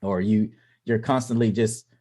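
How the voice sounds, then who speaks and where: A man with a low-pitched voice co-hosting a casual podcast chat. He rambles, restarting his sentences and leaning on fillers as he works his thoughts out loud. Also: fairly even intonation, moderate pace. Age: adult parent. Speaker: podcast co-host.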